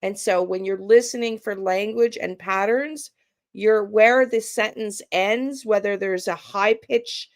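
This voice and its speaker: A woman's voice: mid-range voice, measured pace. A woman hosting a true crime panel discussion, explaining speech patterns in a casual, teacherly way. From Canada. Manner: explanatory, demonstrates intonation patterns. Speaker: true crime channel host.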